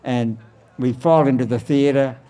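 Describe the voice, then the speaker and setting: An Australian man of eighty telling lively stories as a guest, recorded outside a surfboard factory. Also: medium pitch, a little slow. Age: 80s. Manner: animated storyteller, laughs often. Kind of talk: storytelling interview.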